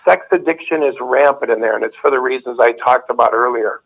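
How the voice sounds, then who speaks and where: A man's voice: medium pitch, brisk, creaky. A man calling in to a talk show, telling rambling stories with restarts. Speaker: caller. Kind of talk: casual chat. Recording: tinny phone line.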